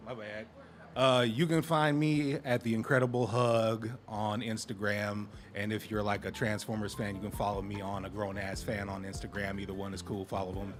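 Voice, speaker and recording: A man performing spoken word poetry at an indoor open mic, confrontational and profane, dropping to low asides and rising to shouted lines. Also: level tone, moderate pace, a little hiss or hum.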